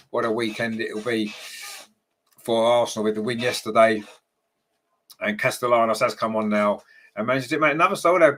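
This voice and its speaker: A man's voice: lowish voice, fairly bright tone. A man hosting a fan watchalong, giving partisan match commentary and reading viewer comments aloud, chatty with lots of ums and tag questions.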